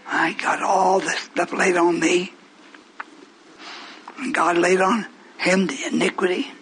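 An older man preaching a rambling, folksy sermon to his congregation, dropping to mutters and then rising to shouts. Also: high-pitched, fairly even intonation, a little slow, long pauses, slight background noise, low-quality recording.

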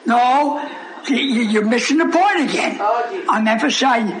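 A man's voice: extremely high pitch, a little slow, crowd noise. A man preaching a sermon, pressing his listeners with repeated rhetorical questions and laughing often as he goes. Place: church before a congregation. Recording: echoey room with a responding congregation.

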